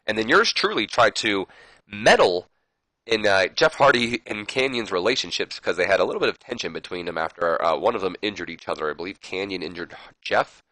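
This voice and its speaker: A man's voice: fairly low pitch, lively intonation, a little fast, bright, forceful tone, dry recording, poor audio. A young man casually commenting on his wrestling sim playthrough in a rambling, self-deprecating way. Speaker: gaming video host.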